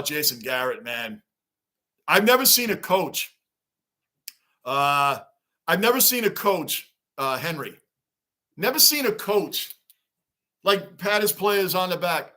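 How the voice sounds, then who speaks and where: A man's voice: a little high, big pitch swings, takes it slowly, pauses often, sharp tone. A man hosting a sports livestream, chatting casually and animatedly with viewers by name. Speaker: livestream host.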